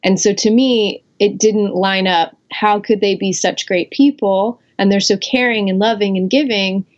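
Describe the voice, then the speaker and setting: A woman's voice: mid-range voice, fairly even intonation, unhurried. A woman guest on a podcast, telling her own story in a candid, reflective way with fillers and restarts. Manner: reflective, with frequent fillers and self-corrections. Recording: dull lo-fi audio.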